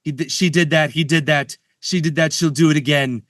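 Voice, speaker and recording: A man talks in a relaxed, joking way as a podcast co-host, tripping over his words and restarting as he goes. His voice sits a little high and sounds dry and close to the mic. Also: brisk, no room sound. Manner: playful, stammering restarts, jokey bets. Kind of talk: casual chat. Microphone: studio mic.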